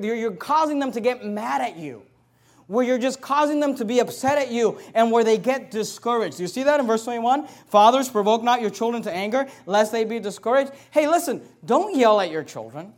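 A middle-aged man preaching a sermon, repeating scripture references and swinging from quiet to loud. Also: extremely high pitch, lively intonation, moderate pace. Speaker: pastor.

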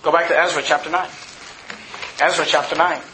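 A man's voice: on the high side, steady tone, brisk, sharp tone, roomy sound, a little hiss or hum, low-quality recording. A man preaching a sermon as pastor of his church, impassioned and repeating phrases as he builds his points.

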